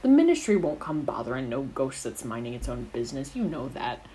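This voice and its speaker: A woman's voice: a bass voice, sing-song, a little fast, mellow, slight background noise, rough recording. Woman doing an older gent in tweed, unbothered and chortling. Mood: dismissive. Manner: dismissive, chortling. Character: calm old man, tweed cloak, mustache.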